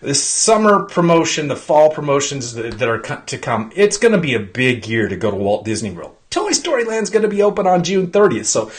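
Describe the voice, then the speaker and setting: A man hosting a live stream, his throat clogged from pollen. He talks in an excitable, rambling way and greets viewers one by one. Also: fairly high pitch, a little fast, few pauses. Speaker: host.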